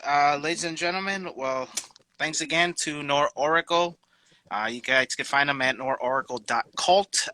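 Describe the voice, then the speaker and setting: A man's voice: a little high, sharp tone, slight background noise, rough recording. A man hosting a casual interview show, hyped and slangy, calling his guest bro and dude and repeating words as he talks. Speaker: host. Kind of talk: casual chat.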